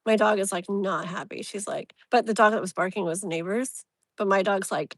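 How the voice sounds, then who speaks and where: A woman's voice: mid-range voice, fairly quick, no echo. A woman hosting a live tarot reading, chatting casually and leaning on "like" and "you know", with a soothing tone toward the viewer.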